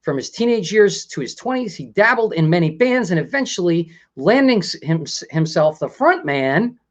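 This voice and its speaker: A man with a fairly high voice hosts a casual talk show, rambling along and often breaking into laughs. The sound is a little dull and lo-fi. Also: very animated, normal speed.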